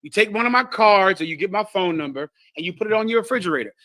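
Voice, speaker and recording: A fast-talking man with a high voice preaches to a live congregation while teaching a scripture class, leading animated call-and-response and addressing listeners directly. There's no room sound.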